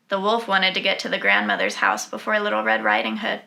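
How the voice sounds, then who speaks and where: A woman reading a children's storybook aloud in an animated, expressive way. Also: medium pitch, a little fast. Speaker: storybook reader.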